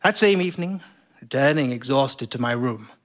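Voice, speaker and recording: A man's voice: mid-range voice, animated, normal speed, fairly bright tone. A man narrating a comic story in a dry, arch, mock-dramatic way, in front of a laughing audience. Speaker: narrator and comedy writer. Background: studio audience laughter.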